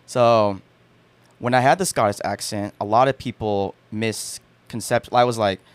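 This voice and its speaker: A man's voice: fairly low pitch, steady tone, a little slow, dry recording. A young man, a podcast guest, telling a story in a rambling casual chat full of fillers and restarts. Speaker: podcast guest, haunt performer.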